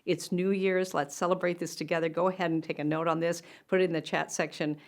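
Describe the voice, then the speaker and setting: A woman's voice: on the low side, little pitch movement, fast talker. An older woman, a motivational speaker, telling a personal story straight to camera in an earnest, conversational way.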